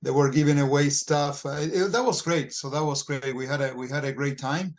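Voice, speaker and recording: A man co-hosting a podcast in casual chat, halting and full of fillers as he talks. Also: a little high, steady tone. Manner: halting, many fillers and restarts. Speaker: podcast co-host.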